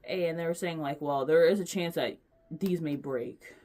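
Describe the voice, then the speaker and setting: Low-voiced woman chatting in a ramble. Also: normal speed, mellow. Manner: rambling, chatty, lots of fillers and restarts; gushing, affectionate. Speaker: vlogger. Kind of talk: casual chat.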